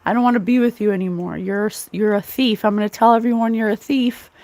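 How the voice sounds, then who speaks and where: A woman's voice: mid-range voice, steady tone, fast talker, a little mellow, no echo, lightly acted. A woman acting out an angry husband confronting his wife, heated and accusing.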